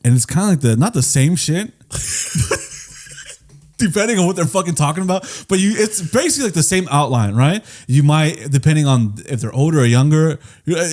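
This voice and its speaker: Lively, teasing young man. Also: fairly high pitch, brisk. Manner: animated, profane, teasing, acts out quotes. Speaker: podcast co-host. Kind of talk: casual chat.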